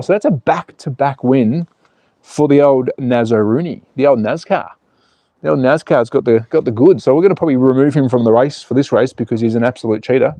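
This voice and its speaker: A man hosting a live stream, calling slot car races with an excitable, playful manner and joking with the chat. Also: mid-range voice, no room sound. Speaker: live stream host and race caller.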